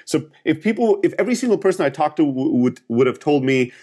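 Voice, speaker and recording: Greek-accented man with a highish voice. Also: animated, fast talker, mellow. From Greece. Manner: emphatic, restarts often, acts out quoted dialogue. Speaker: sales coach and startup founder. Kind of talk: motivational business talk.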